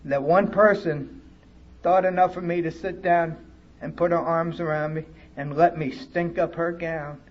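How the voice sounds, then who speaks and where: At a recovery conference, a man with a strikingly high voice recounts his own story bluntly, with plenty of salty language. He speaks at a measured pace with fairly even intonation. The audio is dull and lo-fi, like an old tape of a hall talk.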